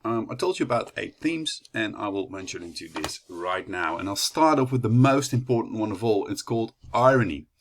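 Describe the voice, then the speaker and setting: A man's voice: fairly low pitch, lively intonation, brisk, hardly any pauses. Dutch-accented young man giving a class talk. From Netherlands. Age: young adult. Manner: chatty, many fillers and restarts. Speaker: student presenter. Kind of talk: class presentation.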